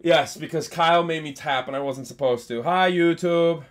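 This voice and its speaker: An excitable young man talking through his game on a live stream, average in pitch. He mutters under his breath one moment and yells the next, bantering with his chat as he plays. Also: a little fast. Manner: excitable, swings from mumbling to yelling, banters with chat. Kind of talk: live gaming stream commentary.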